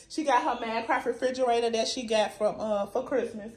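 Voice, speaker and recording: Against a noisy background, a woman with a fairly high voice speaks fairly quickly. This tired, emotional vlogger films her new apartment and the indoor shared spaces of the building on her phone, chatting to her audience and addressing them as "y'all."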